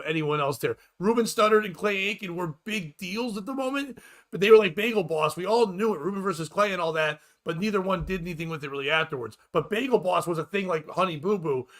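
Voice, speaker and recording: A man's voice: high-pitched, fairly bright tone. A man hosting a comedy podcast, riffing sarcastically and profanely in casual chat and acting out quotes.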